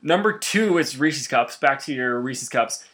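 A man's voice: mid-range voice, animated, unhurried, fairly bright tone. A young man in his twenties co-hosting a casual podcast, talking with eager, chatty enthusiasm. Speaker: podcast co-host. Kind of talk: casual chat.

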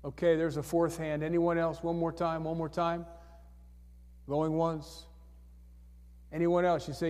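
A little slow and pausing often, a male pastor with a fairly high, level, slightly mellow voice conducts an altar call in a church sanctuary. He gently coaxes people forward with repeated questions and calls for hands repeatedly, with church hall reverb around him.

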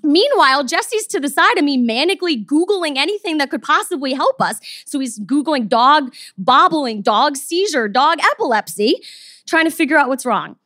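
A woman with a notably high voice tells a personal story to an audience. She is expressive and acts out the people she quotes. Her voice is recorded dry, with no room sound around it. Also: normal speed, no room sound.

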